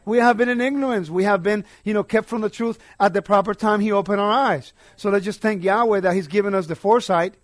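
A man preaching a sermon, emphatic, swinging between quiet asides and loud declarations. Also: high voice, quick pace, hardly any pauses, no echo, clean studio sound.

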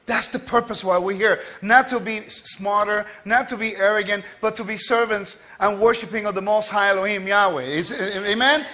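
A man giving a quick, scattered and playful teaching to a congregation, joking with the listeners as he goes. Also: sits high, pushed and bright. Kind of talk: lively spoken teaching.

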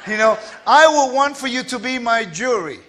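A man giving a quick, scattered and playful teaching to a congregation, joking with the listeners as he goes. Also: extremely high pitch, lively intonation, pushed and bright, a little hiss or hum. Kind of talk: lively spoken teaching.

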